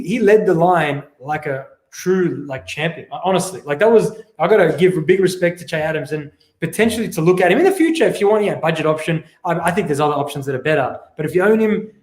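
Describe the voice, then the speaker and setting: A young Australian man co-hosting a casual live stream, relaxed and quick to laugh, with loose slang. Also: on the high side, echoey room. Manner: laid-back, laughs often, loose slang. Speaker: podcast co-host.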